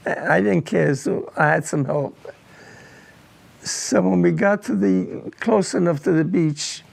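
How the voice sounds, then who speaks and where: An older man, a war veteran, recounting a personal war memory in an interview, grave and halting, often repeating his words. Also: fairly high pitch, gravelly.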